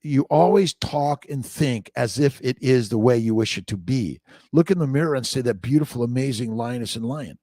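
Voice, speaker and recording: A man's voice: mid-range voice, moderate pace, dark tone, dry recording, clean studio sound. An older man, a doctor, hosting a casual morning livestream, upbeat and preachy, greeting viewers by name.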